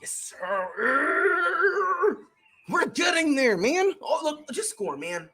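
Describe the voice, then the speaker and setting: An excitable streamer calling a game play by play in a loose, slangy way. The pitch swings widely as calm calls break into shouted reactions and laughter, with quick asides to the viewers. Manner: slangy, chats with viewers between plays. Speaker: sports streamer. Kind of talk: casual live play-by-play commentary.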